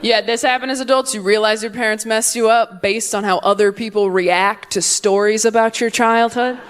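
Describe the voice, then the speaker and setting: A woman's voice: fairly high pitch, steady tone, normal speed, smooth. A woman performing a stand-up comedy set on stage, with a punchy, sardonic delivery that acts out the voices she quotes. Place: comedy stage before a live audience.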